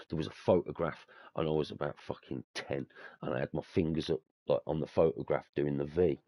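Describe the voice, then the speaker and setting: A man's voice: a bass voice, mellow, no room sound. A young man, telling stories in casual chat, swearing freely and dropping slang like mate and bruv. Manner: swearing, storytelling, laughs often, uses slang like bruv and mate. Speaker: podcast host.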